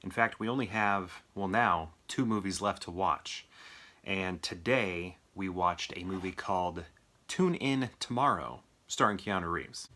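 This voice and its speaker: Guy chatting about a movie he watched, low voice but bright and forceful, lots of um and like. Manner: rambling, with many fillers and restarts. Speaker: movie reviewer. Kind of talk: casual spoken movie review.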